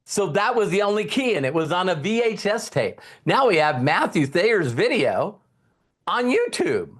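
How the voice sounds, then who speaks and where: A man's voice: high voice, moderate pace. A middle-aged man giving a motivational seminar talk on network marketing, emphatic, acting out quoted conversations, and often turning to the audience with questions. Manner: animated, emphatic, acts out quoted dialogue; addresses the audience directly with repeated questions.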